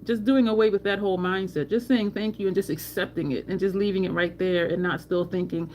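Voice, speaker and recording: A middle-aged woman from New Jersey, with the accent to match, hosts a makeup livestream full of blunt, candid and profane casual chat. Her voice is lowish, dark and steady, and she speaks briskly. Slight background noise can be heard.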